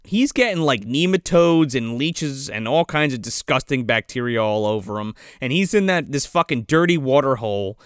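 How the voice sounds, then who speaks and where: Male co-host, animated and profane, acts out bits; dry recording, lively pitch. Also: moderate pace, hardly any pauses, smooth, dry recording. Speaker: podcast co-host. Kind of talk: casual chat.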